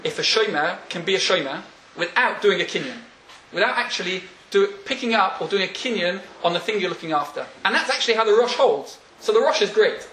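A man's voice: high voice, lively intonation, a little fast, bright, forceful tone, a little hiss or hum. A man teaching a Talmud class in a classroom, often questioning his students and laughing as he explains. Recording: echoey room.

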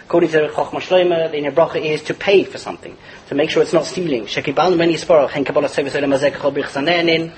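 A man teaching a Torah class in a lively lecture, chuckling as he explains and mixing Hebrew and Yiddish terms into his English. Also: on the high side, quick pace, low-quality recording. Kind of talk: animated religious lecture.

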